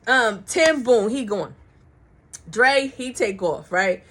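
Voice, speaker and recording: A woman vlogger chatting through a soap opera recap in a gossipy, slangy, animated way. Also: on the high side, slow. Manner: animated, gossipy, slangy, acts out characters' lines.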